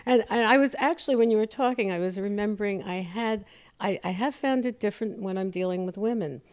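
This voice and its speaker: A woman's voice: mid-range voice, fairly quick, darkish tone. Wry woman comedy writer telling stories. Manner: wry, self-deprecating storyteller. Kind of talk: casual interview chat, storytelling.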